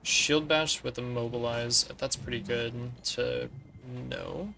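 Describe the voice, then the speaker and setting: A man with a medium-pitched, creaky voice speaks slowly and fairly evenly while streaming a strategy game, with music in the background. He analyzes his tactics as he plays and chats with viewers between moves in casual commentary.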